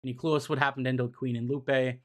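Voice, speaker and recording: A man's voice: mid-range voice, flat delivery, fairly quick, a bit bright. A man casually recapping comic issues on a live stream, rambling with frequent ums and restarts. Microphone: desk mic on a live stream.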